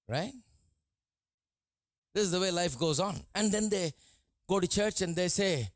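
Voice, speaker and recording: A male preacher giving a sermon, animated and often laughing as he acts out what people say. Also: high-pitched, moderate pace, long pauses, no echo. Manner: animated, laughing, mimics voices in quotes.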